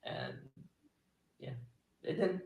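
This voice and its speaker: A man's voice: drawn-out words, a little mellow, echoey room, recorded from a distance, low-quality recording. A man being interviewed as a guest, answering hesitantly with restarts. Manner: hesitant, full of restarts and fillers.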